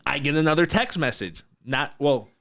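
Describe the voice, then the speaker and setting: A man's voice: a little high, expressive, normal speed, fairly bright tone, no echo. A man hosting a casual podcast, telling a story bluntly and with animation. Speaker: mortgage broker, podcast host.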